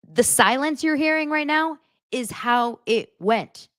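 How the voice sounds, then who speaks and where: A woman hosting a casual pop culture show in a sarcastic, chatty way. Her pitch swings widely, from loud outbursts down to low muttered asides. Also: expressive, takes it slowly. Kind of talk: casual commentary recap.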